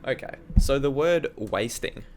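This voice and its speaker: Sweary Australian guy, lively pitch. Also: measured pace, a little hiss or hum. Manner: loose, sweary and self-mocking. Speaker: hobby music producer. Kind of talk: casual screen-recorded walkthrough.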